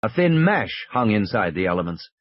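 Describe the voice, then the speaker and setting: A man narrating an audiobook in a measured, expressive way. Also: lowish voice, dry recording, muffled recording.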